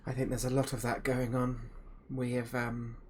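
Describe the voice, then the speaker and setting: A gentle, pious adventurer, as a man plays him at the gaming table. His voice stays flat and even while he speaks slowly, searching for words. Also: mid-range voice, slight background noise, close to an everyday voice. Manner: measured, slow, hesitant.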